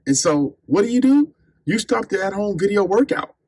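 A man's voice: high-pitched, expressive, normal speed, darkish tone, breathy edge, no room sound. A man hosting his own podcast as a fitness coach, chatting casually and upbeat with listeners, calling them y'all.

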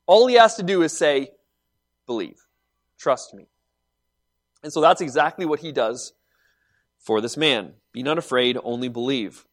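Guy preaching a sermon, kinda high voice, gets animated then goes quiet. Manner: animated preaching with rising emphasis and quiet asides. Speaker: pastor.

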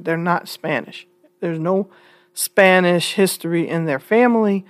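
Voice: medium pitch, measured pace, dry recording. A vlogger giving casual commentary, opinionated but hedging, often restarting sentences.

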